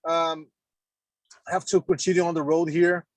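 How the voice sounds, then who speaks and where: Halting man on a video call. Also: on the high side, flat delivery, no echo. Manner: halting, repeats words, laughs often. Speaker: meeting participant. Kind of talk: casual video call chat. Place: in a car on the road.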